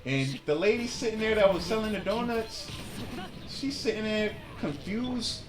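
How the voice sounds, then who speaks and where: A young man streaming a game and telling a long animated story in casual slang, acting out the people in it. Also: high-pitched, normal speed, echoey room, music in the background. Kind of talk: casual storytelling while gaming.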